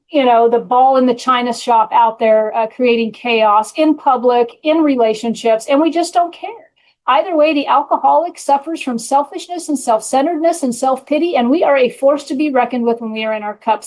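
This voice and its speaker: A woman's voice: a little high, darkish tone, rough recording. A middle-aged woman hosting a podcast, telling her own recovery story in a blunt, earthy, candid way. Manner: blunt, earthy, frank about her past. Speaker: podcast host and recovery coach.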